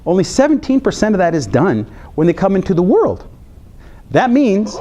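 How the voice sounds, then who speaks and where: A man from the United States, a health psychologist, giving an animated training lecture to counselors, repeating key phrases for emphasis and joking with the audience. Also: on the high side.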